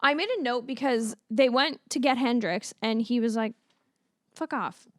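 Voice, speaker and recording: A woman talks through a movie on a casual review podcast. Her voice sits a little high, and she acts out her reactions in quoted asides, swearing freely. The sound is dry and close, with no room around it. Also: normal speed, no room sound. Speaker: podcast co-host.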